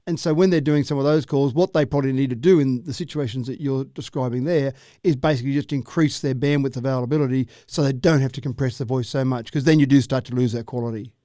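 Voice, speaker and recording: An Australian man explaining technology on a radio chat in a steady, chatty way. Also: medium pitch, fast, few pauses, dry recording, studio quality. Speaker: technology commentator.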